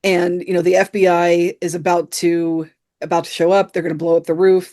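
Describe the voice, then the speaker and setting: A woman's voice: on the low side, a little slow, darkish tone. A woman co-hosting a podcast, casually recapping a film scene by scene with lots of "you know" fillers. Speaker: podcast co-host. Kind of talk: casual film review chat.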